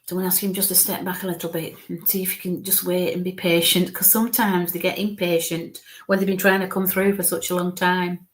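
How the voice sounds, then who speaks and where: A woman medium giving a live spirit reading, talking in halting bits and murmuring soft coaxing asides. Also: lowish voice, level tone.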